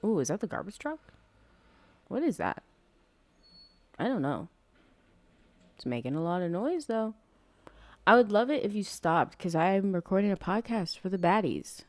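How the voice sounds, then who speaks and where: A young adult woman hosts her own podcast from home, street traffic audible nearby, rambling casually, swearing freely and drifting off topic. Her mid-range voice is very animated and a little mellow, at normal speed with frequent pauses, on a dry recording.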